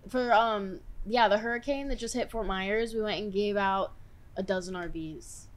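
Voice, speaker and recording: Brief: young female guest, easygoing casual chat, middle pitch. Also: moderate pace. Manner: relaxed, easygoing, filler-heavy.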